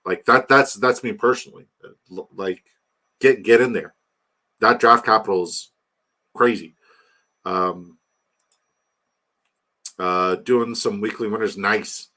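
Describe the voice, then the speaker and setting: A young man hosting a live fantasy football draft stream, rambling and joking as he shouts out viewers by name. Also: lowish voice, slow pace, long pauses. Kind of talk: casual live-stream chat.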